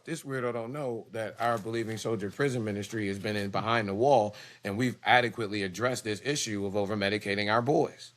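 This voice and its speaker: A male preacher, telling a personal story in a heated, profane and animated way. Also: lowish voice, moderate pace. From Philadelphia.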